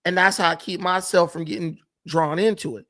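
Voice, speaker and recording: A man's voice: high-pitched, fairly even intonation, fairly quick, fairly bright tone. A man hosting a casual livestream, arguing points and answering his chat directly. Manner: argumentative, addresses chat directly. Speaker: livestream host.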